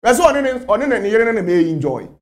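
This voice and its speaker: A man from Ghana speaks as a spiritual leader in an interview. His voice sits high and swings widely in pitch. He talks emphatically, hammering on repeated phrases. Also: sing-song, fast talker. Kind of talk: interview answers.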